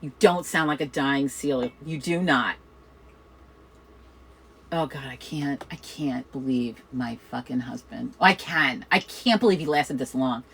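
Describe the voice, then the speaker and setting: A middle-aged woman from Chicago with a New York accent, hosting a casual chat in a loud, fast, profane way. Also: a bass voice, vocal fry, breathy edge, poor audio. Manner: loud, fast, swears a lot. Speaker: host of a witchcraft chat.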